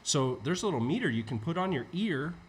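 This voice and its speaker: A man as a podcast guest, an entrepreneur teaching in a casual, animated way with frequent swearing. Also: fairly high pitch, fairly quick. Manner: animated, profane, acts out inner voices. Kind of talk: conversational teaching.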